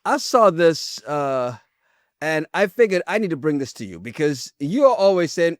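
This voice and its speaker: A playful man co-hosting a podcast who teases his co-host and draws out his announcements. His voice sits a little high and swoops around a lot. The recording is dry and close. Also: very animated, no echo. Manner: teasing, playful, dramatic pauses. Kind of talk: casual chat.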